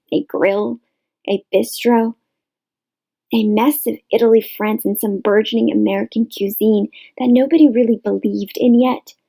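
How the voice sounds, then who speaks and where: Woman, novel reading, measured narration, gravelly fry, slightly high pitch. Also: dark tone, poor audio. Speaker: audiobook reader. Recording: rough home recording.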